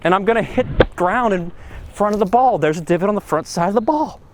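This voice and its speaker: A middle-aged man giving an excitable golf lesson on an outdoor range, exclaiming over his shots. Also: sits high, fast talker, slight background noise. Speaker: golf instructor.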